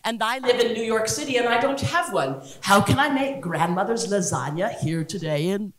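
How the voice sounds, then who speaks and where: A woman's voice: mid-range voice, animated, normal speed, a bit bright, close to an everyday voice. A woman putting on a glamorous female TV chef with a bad Italian accent, reminiscing in a dreamy storytelling manner. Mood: nostalgic. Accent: bad Italian accent, put on. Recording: roomy hall echo.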